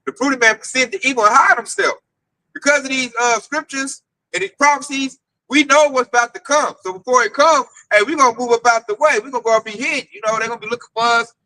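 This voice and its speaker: A man preaching casually to an online audience in an animated, slangy, streetwise way. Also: very high voice, quick pace, low-quality recording. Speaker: teacher leading a group discussion.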